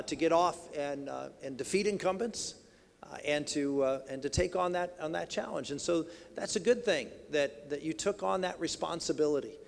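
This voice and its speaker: A man's voice: fairly high pitch, creaky. A middle-aged man giving a folksy political speech at a banquet, rambling with many restarts and fillers. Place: banquet hall. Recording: reverberant banquet hall.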